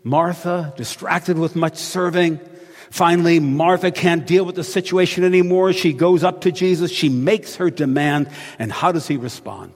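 A man's voice: fairly high pitch, moderate pace. A man preaching a sermon in a conversational, storytelling manner. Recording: long hall reverb.

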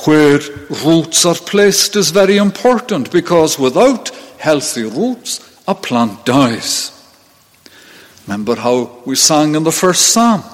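Slow, measured male preacher in a reverberant hall. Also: on the high side. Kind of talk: sermon. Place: church. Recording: long reverb of a large hall.

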